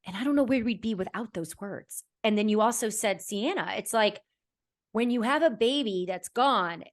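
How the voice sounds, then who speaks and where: A young adult woman hosts a podcast conversation in an earnest, reflective manner. Her voice sits at a middle pitch and often softens as she thinks aloud. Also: lively intonation, normal speed. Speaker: podcast host. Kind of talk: heartfelt conversational podcast chat.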